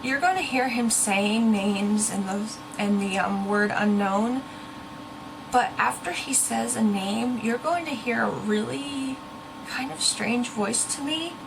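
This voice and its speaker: Speaking slowly with a slightly high, creaky voice, this ghost-hunting vlogger talks to camera in an earnest, chatty way. She occasionally stops mid-thought to search for the right word, and the background is noisy.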